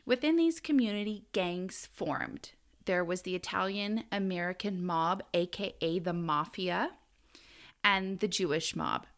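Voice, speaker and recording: Podcast co-host, woman, bright tone, casual and laughing, rambles a bit. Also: lowish voice, a little slow. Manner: chatty, giggly, self-deprecating. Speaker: podcast co-host presenting the episode research.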